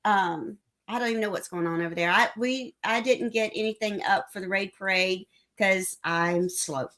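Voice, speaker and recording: A woman's voice: mid-range voice, moderate pace, a bit bright. A woman co-hosting a live morning cruise show, chatting casually, teasing and giggling often. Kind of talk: casual live-stream chat.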